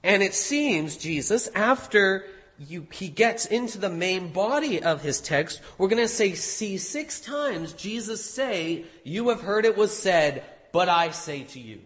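A man's voice: sits high, lively intonation, measured pace, a bit bright, slightly rough. A man preaching an expository sermon, earnestly teaching a passage with emphatic rises. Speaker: pastor. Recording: reverberant hall.

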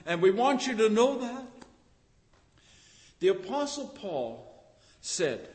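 A man preaching a sermon with fervent emphasis that builds to loud, emphatic peaks. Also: high-pitched, sing-song, slow pace, pauses often, big-room sound.

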